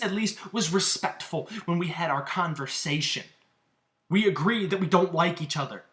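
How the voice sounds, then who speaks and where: A man's voice: sits high, bright, forceful tone. A man who wrestles, giving a profane, combative rant in a vlog about online feuds. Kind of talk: ranting vlog commentary.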